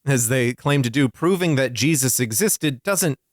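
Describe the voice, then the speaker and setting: Man, podcast co-host, sardonic, lively pitch, dry close mic. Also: normal speed, no room sound. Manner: sardonic, mocking quips. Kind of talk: casual chat about a film.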